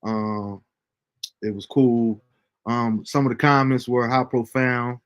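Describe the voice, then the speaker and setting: A man hosting a casual livestream show, reading out viewer comments with a relaxed, chuckling manner. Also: medium pitch, slow. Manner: laid-back, chuckling often, fillers like um. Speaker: host.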